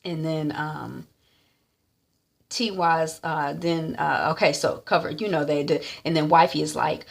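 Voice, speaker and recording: A woman's voice: deep voice, steady tone, a little slow, creaky. A woman hosting her own channel, chatting animatedly as she recaps a TV episode. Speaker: vlogger recapping a TV series. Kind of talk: casual recap.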